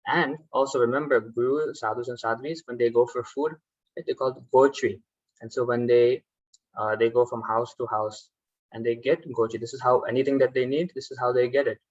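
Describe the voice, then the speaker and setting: A man's voice: medium pitch, fairly even intonation, fairly quick, no room sound, lo-fi sound. A man leading a workshop, patiently explaining a ritual step by step and often checking in with "right?". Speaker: workshop instructor. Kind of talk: guided ritual instruction.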